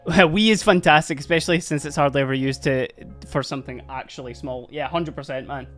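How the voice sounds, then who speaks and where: With soft music in the background, this young streamer from Dundee, Scotland, paints miniatures and chats casually with viewers in his Dundee accent, often laughing and throwing in Scottish slang. His voice is fairly high, a bit bright, and fairly quick.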